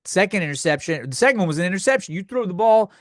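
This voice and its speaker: Young male podcast host, slightly high pitch, profane exasperated rant, close dry mic. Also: expressive, racing, dry recording. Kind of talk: ranting comedy monologue.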